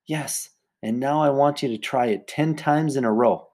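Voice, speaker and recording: A man's voice: medium pitch, normal speed, a little mellow, voice pushed up, close to an everyday voice. A man voicing a patient teenage boy who teaches swimming, with a coaxing, encouraging manner.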